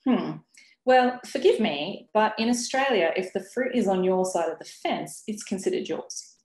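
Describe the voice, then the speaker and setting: A woman reading from her own novel, voicing a courteous and bewildered young single mother who tries to smooth things over with a neighbour. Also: medium pitch, lively intonation, normal speed, darkish tone, natural voice. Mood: polite. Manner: courteous and conciliatory. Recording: roomy webinar audio.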